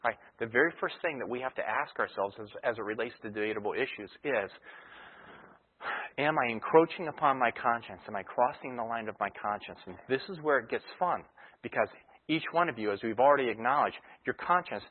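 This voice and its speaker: Heard through a thin, phone-like radio feed, a man preaches a sermon in an easygoing teaching manner, illustrating points with ordinary life. He speaks fairly quickly in a mid-range, slightly rough voice.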